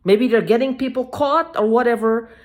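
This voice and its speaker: A woman in an agitated personal video monologue, halting and repetitive, with frequent swearing and repeated phrases. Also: a little high.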